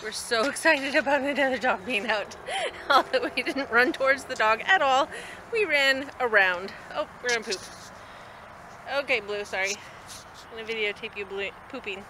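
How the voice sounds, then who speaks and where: A woman's voice: a little high, normal speed. A woman who works at an animal shelter, filming outdoors on a phone and coaxing a dog with repeated commands and calls. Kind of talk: casual talk to a dog while filming. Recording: loud background noise outdoors.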